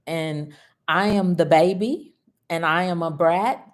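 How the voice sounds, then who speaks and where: A woman host chatting casually on a livestream, emotional and tearful, often laughing softly. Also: on the low side. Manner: slow, emotional and personal, with frequent laughs. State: tearful, grieving.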